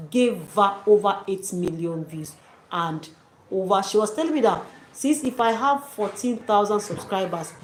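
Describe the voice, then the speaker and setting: A woman giving her viewers casual, preachy motivational advice and calling them dearies. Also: mid-range voice. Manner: encouraging, preachy, addresses viewers as dearies and sis. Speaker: YouTube channel host. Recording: echoey room with faint noise.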